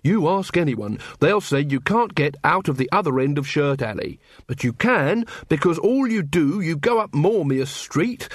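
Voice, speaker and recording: A man voicing an honest, earnest young male constable who talks calmly and cheerfully. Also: a little high, husky, no room sound, studio quality, pitched above the performer's own voice.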